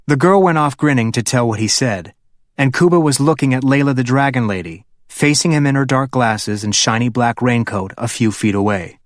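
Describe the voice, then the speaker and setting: A man narrating an audiobook in a steady, understated way. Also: medium pitch, brisk, dry recording, studio quality.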